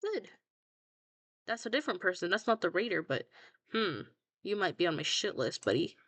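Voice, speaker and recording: A woman's voice: on the low side, very animated, normal speed, fairly bright tone, husky, dry recording. A young woman chatting casually about her own fan fiction, blunt and self-mocking, swearing freely and laughing at herself. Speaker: fanfiction writer scrolling her own archive.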